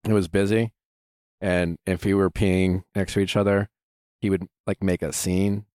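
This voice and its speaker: Low-voiced man in easy podcast chat. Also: level tone, normal speed, a little mellow, clean tone, dry recording, clean studio sound. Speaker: podcast host. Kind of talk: casual chat.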